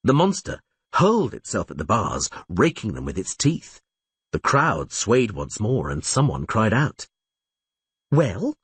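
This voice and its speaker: A man's voice: lowish voice, huge pitch swings, measured pace, breathy edge, dry recording. A man narrating a fantasy audiobook, reading expressively and voicing all the characters himself.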